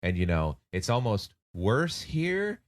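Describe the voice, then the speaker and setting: A man voicing a bitter young male necromancer who grumbles in a halting, resentful way. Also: on the low side, big pitch swings, voice pushed up.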